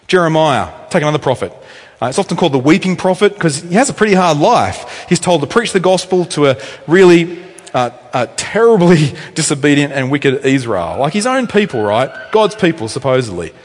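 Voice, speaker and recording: Lively, animated male preacher in an echoey hall. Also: fairly high pitch. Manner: animated storytelling, conversational asides. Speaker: pastor. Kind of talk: sermon. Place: church.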